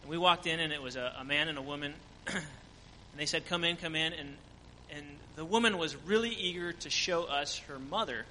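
Man, bright, earnest storytelling, hesitant fillers, faint hum, long reverb. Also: a little high, moderate pace. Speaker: mission trip team member. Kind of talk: church mission testimony.

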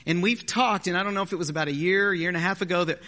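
A man's voice: sits high, racing, bright, forceful tone. A man preaching a sermon as pastor, in a conversational way with joking asides. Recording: long hall reverb.

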